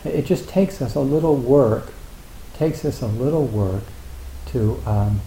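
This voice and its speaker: A Zen teacher gives a dharma talk in a mid-range, gravelly voice with a dark tone, speaking a little slowly. He rambles and pokes fun at himself, using plenty of filler words. The hall is echoey, with a faint hiss on the recording.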